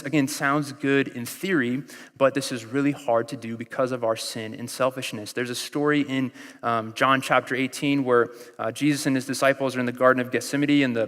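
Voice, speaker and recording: An American man in his thirties preaches in a relaxed, conversational way, slipping into other voices as he tells stories. His voice sits at an ordinary middle pitch. The sound carries a long reverb, as if from a large hall. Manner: conversational preaching with storytelling and acted-out quotes. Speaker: pastor. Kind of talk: sermon.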